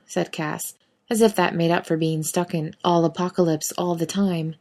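A woman narrating a fan fiction audiobook, reading in an even, conversational way with casual swearing. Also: fairly low pitch, moderate pace.

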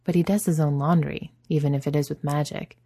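A woman narrating a story in a soft, even storytelling manner. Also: low-pitched, brisk, breathy edge. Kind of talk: audiobook narration.

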